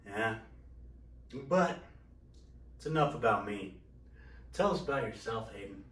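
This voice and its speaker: A man's voice: on the low side, lively intonation, a little slow, fairly bright tone, recorded from a distance. A man hosting a casual podcast, telling a long personal story in a candid, profane, rambling way. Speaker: podcast host. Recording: roomy sound from off-mic.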